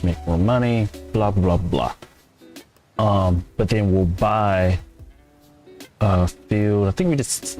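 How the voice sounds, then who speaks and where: A man's voice: lowish voice, a little mellow. Rambling casual male game streamer. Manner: chatty, rambling, reads and answers chat. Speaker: gameplay streamer. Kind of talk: casual live-stream commentary.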